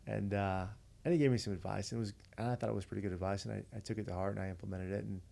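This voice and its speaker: Veteran podcast guest, man, deep and flat, warm gravel, easygoing storyteller. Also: rapid-fire. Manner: earnest, conversational, retells dialogue. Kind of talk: casual storytelling.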